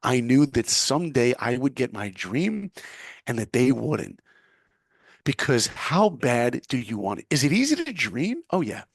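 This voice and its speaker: With a medium-pitched, sing-song voice, vocal fry and an unhurried pace, a middle-aged man from New York tells a story as a guest. The studio-quality recording has no echo, and his storytelling is animated, punchy and motivational, complete with acted-out quoted voices.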